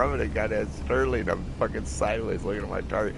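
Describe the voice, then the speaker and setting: Profane, rambling gamer guy, lowish voice. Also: fast talker, creaky. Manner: profane, rambling, laughs often. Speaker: gamer playing a flight combat game. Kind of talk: casual gameplay commentary. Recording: game noise in the background.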